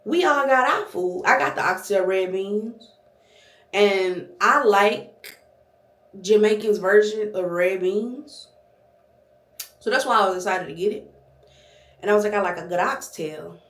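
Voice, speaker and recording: Woman vlogger, casual storytime rant, lots of cursing, mid-pitched, echoey room. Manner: profane and animated.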